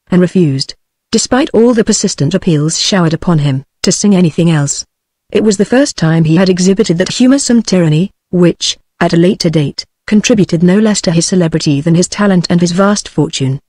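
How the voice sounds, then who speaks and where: A woman's voice: on the low side, no echo. Dry synthetic British woman narrator. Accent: British English. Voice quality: even, machine-read delivery.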